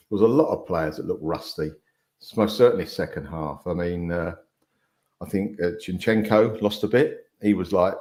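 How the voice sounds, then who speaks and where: A man's voice: sits low, darkish tone. A middle-aged man speaking as a guest on a football chat, opinionated and emphatic. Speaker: guest fan.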